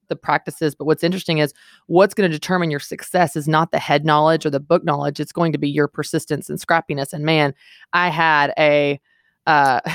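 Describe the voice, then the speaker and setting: A woman with a low voice speaks as a guest author on a podcast, earnest and emphatic as she tells her stories. The sound is dry and close, with no room around it. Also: no room sound. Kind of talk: podcast interview.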